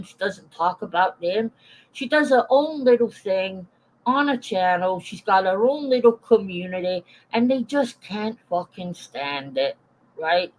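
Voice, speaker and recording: A woman's voice: mid-range voice, poor audio. A woman in her forties holds forth on a casual live stream. She is blunt and swears freely, breaking off now and then to greet viewers in the chat by name. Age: 40s.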